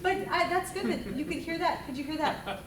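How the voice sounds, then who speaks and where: Teaching a group class in a large room, this woman vocal coach speaks with an extremely high pitch and a slightly fast pace while a loud crowd fills the background. She's chatty and enthusiastic, laughing often. Her voice comes from a distance in an echoey space.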